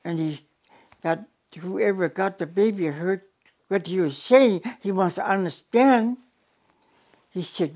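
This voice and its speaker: Older woman, low-pitched, from the Yukon, oral storyteller, unhurried with frequent restarts. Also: a little mellow. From Yukon, Canada. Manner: unhurried, restarts and repeats words, plain direct phrasing. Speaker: elder storyteller.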